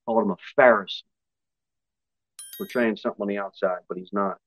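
A male pastor preaching a sermon, his voice jumping high and loud for emphasis before dropping back low. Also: steady tone, fairly quick, dry recording, rough recording. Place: church.

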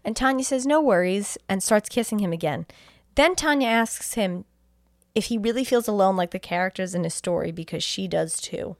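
In clean, dry studio sound, a young woman with a mid-range voice retells a movie at normal speed for her podcast. Going scene by scene in casual conversation, this co-host animatedly voices the characters and frequently breaks into laughter.

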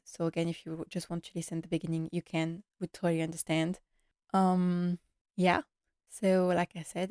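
A woman podcast host recapping a sad episode while tearful, speaking in an emotional, halting way. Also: lowish voice, darkish tone, no echo, clean studio sound.

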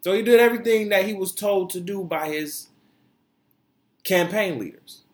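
A podcast host, a man, holds forth in casual opinion chat. His voice sits a bit high for a man, and he swings into emphatic, profane outbursts as he makes his points. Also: moderate pace. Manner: animated, profane, emphatic ranting.

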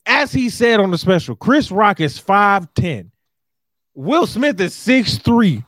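A man co-hosting a podcast in casual chat, ranting with animated, profane emphasis. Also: high-pitched, slow pace, dry recording, clean studio sound. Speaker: podcast co-host.

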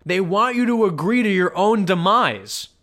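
A man's voice: high-pitched, lively intonation, moderate pace, fairly bright tone. A man hosting a podcast, delivering a sarcastic, indignant rant as commentary. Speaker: podcast host. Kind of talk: ranting commentary.

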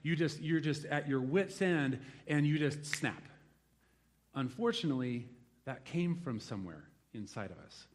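A man in his forties preaching a sermon to a congregation, telling a lively story from his rural youth and then growing quiet and reflective. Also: mid-range voice, a little slow, slight background noise. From rural United States. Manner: animated storytelling, swings from loud exclaims to hushed reflection. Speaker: pastor. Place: church hall before a congregation.

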